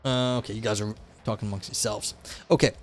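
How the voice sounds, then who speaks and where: A man's voice: lowish voice, fairly even intonation, fast, faint music behind. A young man hosting a live stream, reading a philosophy paper aloud and breaking off into skeptical, offhand commentary. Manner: reads aloud, then breaks off into wry, skeptical asides. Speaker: livestream host reading a paper.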